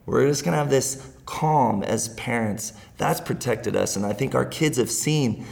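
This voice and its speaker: Creaky-voiced middle-aged man, earnest. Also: mid-range voice, measured pace, a little mellow. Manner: earnest, rambling, laughs while talking. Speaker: guest. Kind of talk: casual interview conversation.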